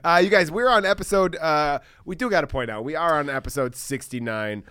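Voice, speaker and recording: A man's voice: a little high, brisk, bright, forceful tone, clean tone, dry recording. A man hosting a comedy podcast, agreeing along and adding dry, playful asides. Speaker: podcast host. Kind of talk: casual comedic chat.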